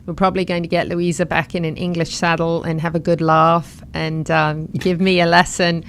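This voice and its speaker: A woman's voice: on the low side, level tone, normal speed, a little hiss or hum. A woman hosting a horse talk show, chatting enthusiastically and reading sponsor lists.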